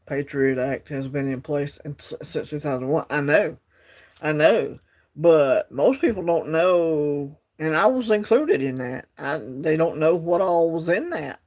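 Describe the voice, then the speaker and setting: A man's voice: on the high side, animated, a little slow, darkish tone. A man hosting a casual livestream from his phone, rambling and reading out the chat. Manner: rambling, drawling, reads chat aloud. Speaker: livestream host.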